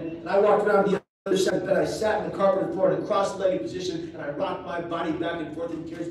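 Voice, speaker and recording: Man telling a dramatic story in an echoey room. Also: high voice. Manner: dramatic storytelling, swinging between loud and hushed. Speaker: motivational speaker. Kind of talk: live personal story speech. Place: event venue, indoors. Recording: echoey room recording from far off, faint hiss.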